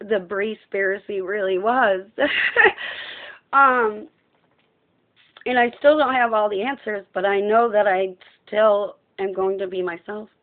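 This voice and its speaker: A woman speaking in an impassioned, profane personal monologue, ranting at length. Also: mid-range voice. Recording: tinny phone-like sound.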